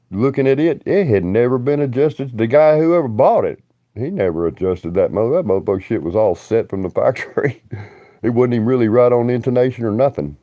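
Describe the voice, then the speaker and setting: A man's voice: medium pitch, warm tone, dry recording, clean studio sound. A man, rambling bluntly and profanely on a livestream.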